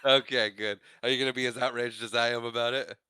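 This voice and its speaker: A man with a bright, clear voice chats through a movie recap on a podcast. He recaps scenes in an animated way and drops into quick impressions of the characters. The sound is dry and close, with no room around it. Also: medium pitch, no room sound. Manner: animated, acts out movie lines. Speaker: podcast co-host. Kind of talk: casual movie recap chat.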